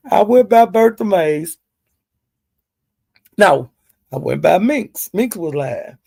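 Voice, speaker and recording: Heated and profane, a woman live-streamer curses someone out to her viewers, drawing out her insults. Her voice is fairly low, creaky, dark, and husky, captured in studio quality with no echo.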